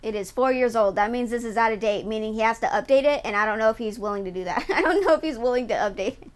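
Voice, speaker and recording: A woman's voice: a little high, quick pace. A woman streamer chatting casually and teasing her viewers while reacting to a video, laughing often. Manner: playful, giggly, teasing.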